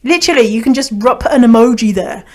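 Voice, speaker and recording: Talking fast in a slightly high voice, a young adult woman from Canada chats casually on her solo podcast. Blunt and chatty, she curses freely and laughs along the way.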